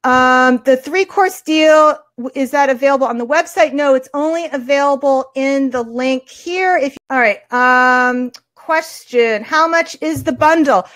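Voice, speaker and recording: A woman with a New York accent and a high, bright-sitting voice hosts a live art webinar. She fields viewer questions in an upbeat, chatty manner and answers each one quickly. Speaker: art teacher hosting a webinar.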